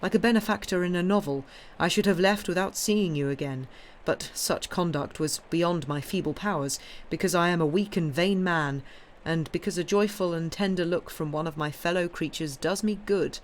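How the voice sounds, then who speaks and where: A woman voicing a grand, worldly male count in an audiobook reading, speaking in a measured, reassuring way. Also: fairly low pitch, slight background noise, natural voice. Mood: earnest.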